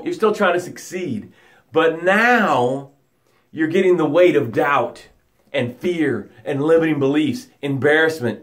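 A man hosting a live motivational broadcast as a life coach, talking dramatically and guiding slow breaths, swinging from loud emphasis to a hushed voice. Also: fairly high pitch.

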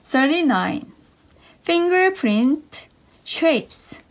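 A woman reads short picture-book passages aloud for young learners. Her voice sits high and leaps up and down with every phrase. She takes her time, stretching each sentence out slowly. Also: expressive. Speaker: reader of children's English stories. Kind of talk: slow expressive read-aloud for kids.

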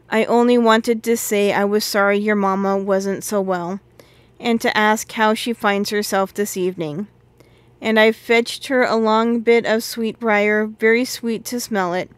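A woman's voice: mid-range voice, steady tone, a little slow, smooth, dry recording, lightly acted. A woman voicing a kindly working-class male railway porter who answers indignantly but politely.

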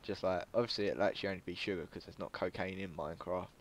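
A man's voice: deep voice, steady tone, fast, slight background noise. A young man, making crude jokes and chatting casually while gaming. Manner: joking, crude, laughs often. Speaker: gamer.

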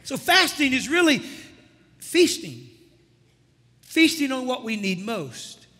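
A man's voice: very high-pitched, very animated, moderate pace, bright, forceful tone. A man preaching a sermon as pastor in a church, stumbling over repeated words and calling out to his congregation. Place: church sanctuary. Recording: long church hall reverb.

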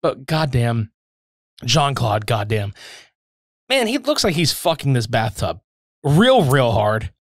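A man's voice: mid-range voice, very animated, slow pace, pauses often, no room sound, clean studio sound. A man hosting a film podcast, casually recapping the plot and swearing freely. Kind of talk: casual film-review chat.

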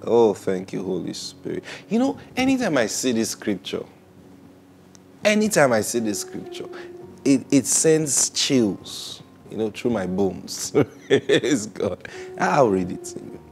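A man delivers a sermon in a mid-pitched, gravelly voice. He is emphatic and builds to loud, high peaks, laughing easily between points. Faint music plays behind him. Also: sing-song, slow. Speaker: preacher.

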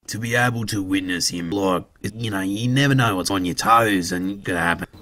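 A man's voice: low voice, fairly quick, sharp tone, a little hiss or hum. A man giving a crude, rambling parody interview, swearing constantly. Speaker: mock interviewee.

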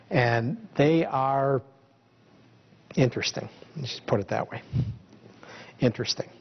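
A man delivers a sermon in an easy, conversational way, putting one rhetorical question after another to his congregation. His voice sits at an average pitch. The recording is a little dull and lo-fi. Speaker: preacher. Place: church hall.

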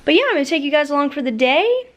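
A woman's voice: sits high, big pitch swings, very fast, noisy background. A young woman vlogging casually, rambling with many fillers and restarts, while she has the hiccups. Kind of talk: casual vlog chat.

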